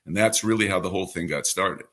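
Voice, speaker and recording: A seasoned baseball radio broadcaster from New York City, now in his 70s, tells an anecdote at a quick pace while answering as an interview guest. His lowish voice is bright and clear, his New York accent mostly trained away, and he delivers the story in a relaxed, polished announcer style.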